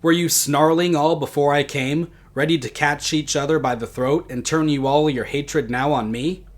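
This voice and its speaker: A man reading the lines of a bitter deposed old queen who curses her enemies, slowly and deliberately, as part of a lecture. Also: fairly high pitch, fairly even intonation, close to an everyday voice. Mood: cursing. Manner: slow, deliberate dramatic reading of verse.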